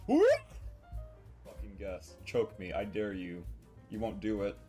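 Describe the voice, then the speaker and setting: Slow, drawling man joking through a game. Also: lowish voice, steady tone, dark tone, soft background music. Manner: drawling, crude jokes, sudden yelps. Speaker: streamer. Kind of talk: casual live-stream gaming chat.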